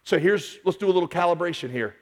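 A man preaching a sermon as a pastor, animated, repeating words and swinging between quiet stretches and loud peaks. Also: high voice, quick pace. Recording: long hall reverb.

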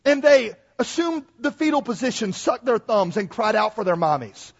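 A man preaching a lively sermon to a congregation, reading scripture aloud and acting out the speakers in it. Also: very high voice, moderate pace, slightly rough, lo-fi sound. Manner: animated preaching, acts out Bible voices. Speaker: pastor.

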